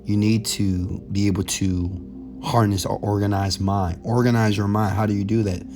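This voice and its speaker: A man giving a motivational monologue straight to camera, preachy and repetitive, building from low, confiding talk to loud exhortation. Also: little pitch movement, moderate pace, over music. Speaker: motivational speaker.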